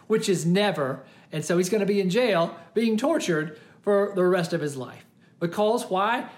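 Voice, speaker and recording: A pastor preaching a sermon and retelling a parable with lively, exclaiming storytelling. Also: medium pitch, moderate pace. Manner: animated storytelling, often exclaiming.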